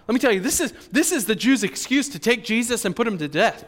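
A male pastor preaching a sermon in an animated, emphatic way. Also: high-pitched, brisk, few pauses. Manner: animated, emphatic, with fillers and restarts. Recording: long hall reverb.

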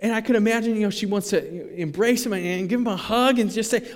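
A male pastor preaching a sermon in a conversational, animated way, with frequent restarts. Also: high-pitched, a little fast, big-room sound.

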